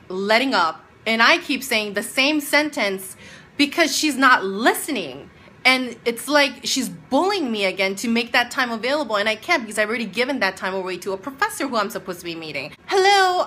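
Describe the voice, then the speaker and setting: A woman in her thirties telling a story in a casual vlog, animated and exasperated, acting out bits of dialogue. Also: mid-range voice. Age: 30s. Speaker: vlogger; doctoral music student and teacher.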